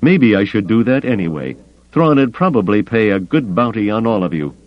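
A man's voice: lowish voice, lively intonation, moderate pace, no echo, highs cut off, pitched above the performer's own voice, close to an everyday voice. A man doing a snarling cornered traitor. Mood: menacing. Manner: tense, snarling. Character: cornered male traitor, blustering and menacing.

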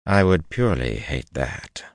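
A silky, commanding noblewoman who probes and schemes, as a low-voiced male reader puts her on. Her lines come smooth and prim, and the sound is dry and close. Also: sing-song, a little slow, no echo, full character voice. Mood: cool, probing.

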